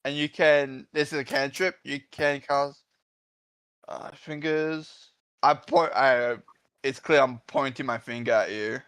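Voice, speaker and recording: A man's voice: mid-range voice, fairly even intonation, unhurried, fairly bright tone, clear, resonant tone, no echo. A man playing a tabletop game, talking casually with hesitant, stop-start phrasing. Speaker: player.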